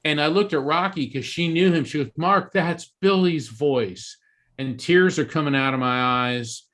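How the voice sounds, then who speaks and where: A man's voice: fairly high pitch, normal speed, a bit bright. A man from Florida, an author guest in an interview, telling a story earnestly and with animation, often restarting his sentences. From East Coast Florida, USA.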